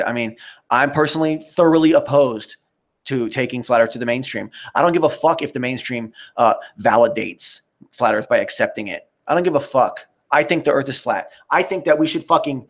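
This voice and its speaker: A man with a mid-range voice talks briskly while hosting a live stream. Answering the chat, he rants in a rambling, profane, mocking way.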